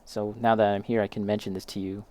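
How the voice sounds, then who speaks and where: A man's voice: fairly low pitch, flat delivery, fast, darkish tone, no room sound. Chatty man building a model kit. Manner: chatty, talks directly to a friend in chat, laughs often. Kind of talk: casual chat while building.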